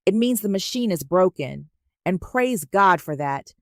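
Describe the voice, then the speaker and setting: A woman voicing a calm, steady patient in her fifties who speaks softly and gently. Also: lowish voice, unhurried, no echo, studio quality. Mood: gentle. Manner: soft and gentle.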